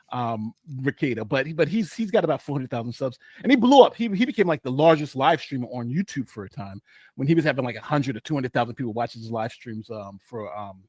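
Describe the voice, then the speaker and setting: A man's voice: fairly high pitch, no echo. A man co-hosting a casual live stream, boastful and rambling, often repeating himself. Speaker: co-host.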